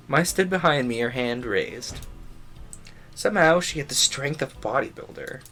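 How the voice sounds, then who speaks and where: A man's voice: medium pitch, expressive, normal speed, sharp tone, faint music behind. Man reading a game aloud. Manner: chatty, amused asides between read lines. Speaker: streamer. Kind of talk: reading a visual novel aloud with commentary.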